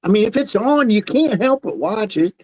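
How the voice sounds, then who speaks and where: A man's voice: high voice, lively intonation, moderate pace, a little mellow, poor audio. A man co-hosting a casual livestream, telling stories animatedly and swearing casually. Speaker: livestream co-host. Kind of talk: casual chat.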